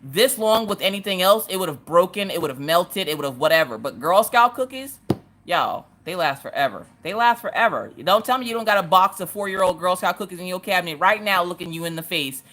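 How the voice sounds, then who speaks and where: A woman's voice: lowish voice, animated, fairly quick, fairly bright tone. A woman, chatting casually with her livestream audience from her couch at home while she crafts, laughing often and greeting viewers by name. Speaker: livestream host.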